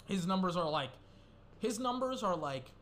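A man's voice: sits high, sing-song, normal speed, fairly bright tone, a little hiss or hum. A young man rambling through casual solo commentary, swearing and getting worked up as he goes. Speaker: gaming commentator.

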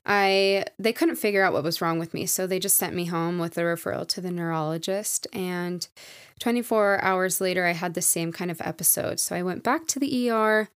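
A woman's voice: fairly low pitch, moderate pace, smooth, no echo, studio quality. A woman in her twenties hosting a casual solo podcast, telling a personal story in a candid, reflective way with plenty of "like" fillers. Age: 20s. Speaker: podcast host.

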